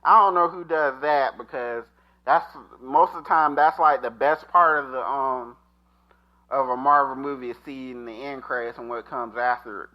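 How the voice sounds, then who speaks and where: A man's voice: medium pitch, dull audio. A man hosting a casual movie review show, talking enthusiastically and rambling, with frequent fillers and restarts.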